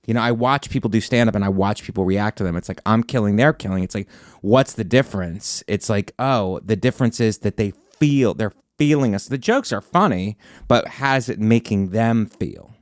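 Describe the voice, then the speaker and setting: Low-voiced rambling male podcast host. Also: normal speed, dry recording, studio quality. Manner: rambling, self-interrupting, sarcastic. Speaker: podcast host and stand-up comedian. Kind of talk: casual podcast chat.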